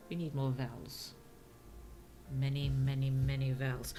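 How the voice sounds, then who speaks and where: Australian woman streamer, low, gravelly voice, chatty and laughing, faint music behind. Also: fairly even intonation, measured pace, darkish tone. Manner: musing, chatty, laughs often. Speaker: streamer and writer. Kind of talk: casual livestream chat.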